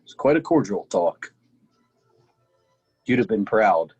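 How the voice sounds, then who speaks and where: A man's voice: fairly low pitch, very animated, slow, darkish tone, husky, lo-fi sound, faint music behind. A man playing a tabletop role-playing game, narrating his character's actions in the third person. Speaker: player.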